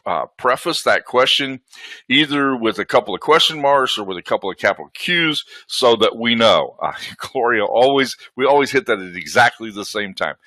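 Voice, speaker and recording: A man's voice: medium pitch, expressive, normal speed, sharp tone, dry recording. A man with a Southern US accent hosting a live webinar from home, chatting in a folksy way and greeting attendees by name. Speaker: webinar host.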